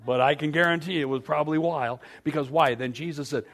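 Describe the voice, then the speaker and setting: A male pastor preaching a sermon, acting out scripture scenes with animated storytelling. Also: on the high side, moderate pace, gravelly, few pauses.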